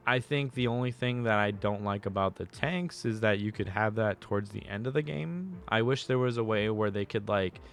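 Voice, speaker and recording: A man's voice: fairly low pitch, moderate pace, hardly any pauses. A male streamer chatting casually with his viewers, rambling through restarts and fillers.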